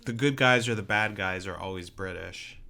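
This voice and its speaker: Guest guy on a movie podcast, deep but bright and sharp, deadpan jokes. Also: moderate pace, gravelly. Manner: dry, deadpan humor. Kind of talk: casual movie-podcast chat.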